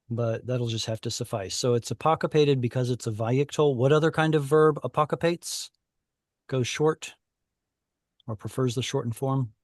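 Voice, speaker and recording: A man teaching a Hebrew class online over a video call, explaining patiently and thinking aloud with pauses. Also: medium pitch, darkish tone, no room sound, clean studio sound.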